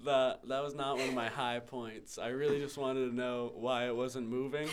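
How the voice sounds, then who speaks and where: A man's voice: medium pitch, little pitch movement, normal speed. An easygoing young man answers questions in a casual chat, sometimes hesitant. A faint hiss runs behind his voice.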